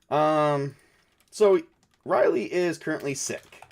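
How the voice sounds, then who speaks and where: A man's voice: medium pitch, animated, unhurried. A man narrating and playing a solo tabletop game, thinking aloud with many fillers. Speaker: game master and solo player.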